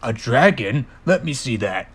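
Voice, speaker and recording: A man's voice: a little high, lively intonation, moderate pace. A man voicing a skeptical, blustery father spider.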